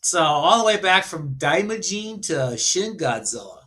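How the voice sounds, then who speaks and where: A man with a bright, sharp voice, a little high, talking in a relaxed podcast chat. He stops and restarts often and fills gaps with "you know" as he pulls facts from memory. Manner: halting, many fillers and restarts while recalling facts. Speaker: podcast co-host. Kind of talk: casual podcast chat about films.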